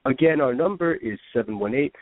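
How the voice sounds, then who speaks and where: A man's voice: medium pitch, animated, brisk, no room sound. A man co-hosting a casual radio podcast, chatting in a loose, rambling way. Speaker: podcast co-host. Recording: dry phone-line sound.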